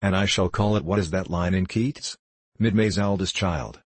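A man with a husky voice reading a cheerful, easygoing young male painter in a light, teasing manner. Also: low-pitched, normal speed, dry recording.

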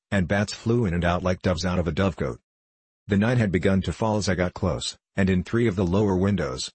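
A man reading a novel aloud as a steady, measured narrator. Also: sits low, slightly rough, no echo. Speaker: audiobook narrator. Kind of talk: scripted narration.

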